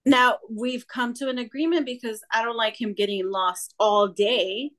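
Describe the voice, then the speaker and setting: A woman's voice: on the high side, fairly even intonation, normal speed, a bit bright. A woman who is a podcast guest in casual chat, talking in a chatty way and quoting her partner and herself.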